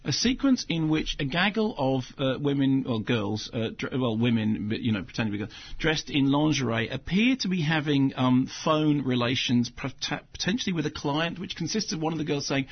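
A husky male film critic on the radio, delivering wry, cutting verdicts at an ordinary pitch. The sound is a touch dull and muffled, like a radio broadcast. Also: expressive, normal speed, hardly any pauses.

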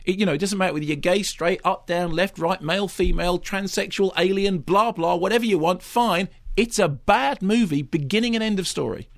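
A man talking as a film critic on a radio talk show, emphatic and opinionated, in rapid bursts with playful mimicry. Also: sits high, no room sound, clean studio sound. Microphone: studio microphone.

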